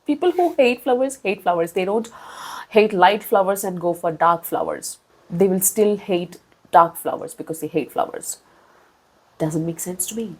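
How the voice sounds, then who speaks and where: Expressive woman chatting about a book. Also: moderate pace, husky, rough recording. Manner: expressive, with wide swings in pitch and loudness; chatty, with frequent fillers and restarts. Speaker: book reviewer. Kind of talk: casual book review vlog.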